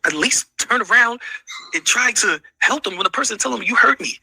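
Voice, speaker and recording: A man's voice: high-pitched, lively intonation, moderate pace, creaky, sharp tone, husky, dry recording, rough recording. A sick man ranting heatedly, lecturing with profanity and a lot of repetition. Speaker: streamer being reacted to. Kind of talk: heated rant.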